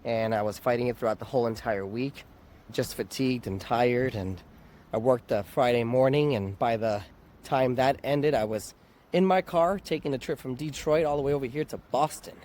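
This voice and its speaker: A medium-pitched man with a darkish tone talks at normal speed in a casual vlog recorded outdoors near a convention area, faint traffic behind him. Worn out and recovering from a cold, he tells a candid, reflective personal story and laughs at himself.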